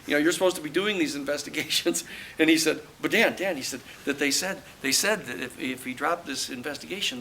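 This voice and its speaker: An older man gives an animated book talk, telling a story and acting out the voices he quotes. His voice is gravelly and sits fairly high. A faint hiss runs under the recording. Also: brisk, rough recording. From United States. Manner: animated, acts out quoted dialogue. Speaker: lawyer and author presenting his book. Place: live audience talk at a campus venue.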